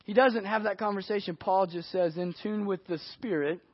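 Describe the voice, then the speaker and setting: A male pastor preaching a sermon earnestly, swinging between hushed and emphatic delivery. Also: sits high, steady tone, moderate pace, breathy edge, dry recording. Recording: dry, dull lo-fi audio.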